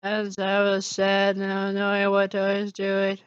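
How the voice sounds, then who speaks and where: Monotone fan-story reader. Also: medium pitch, clear, resonant tone, dry recording. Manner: halting, monotone reading with slips. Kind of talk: casual reading of a fan story. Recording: dull lo-fi recording.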